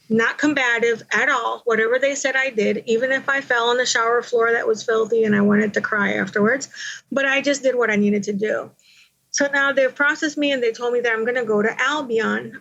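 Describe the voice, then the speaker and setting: Candid woman with a slightly high voice. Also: fairly bright tone, highs cut off. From Panama. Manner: candid, conversational, with many you-knows. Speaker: guest telling her own story. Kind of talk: personal storytelling in an interview.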